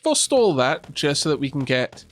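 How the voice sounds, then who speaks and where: A man's voice: fairly high pitch, big pitch swings, moderate pace, slight background noise. A man hosting a co-op game let's play, chatting casually with dry sarcastic humor and frequent hesitations. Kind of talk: casual co-op gameplay chat.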